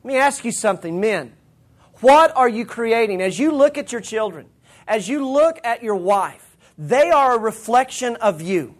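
A man's voice: very high-pitched, expressive, moderate pace. Conversational male pastor preaching. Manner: conversational, retells scripture in everyday slang. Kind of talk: sermon.

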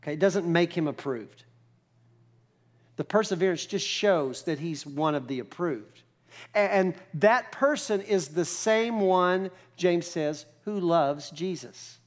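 A man's voice: high voice, animated, slow. A man preaching a sermon as pastor, explaining scripture in a conversational, emphatic way. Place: church.

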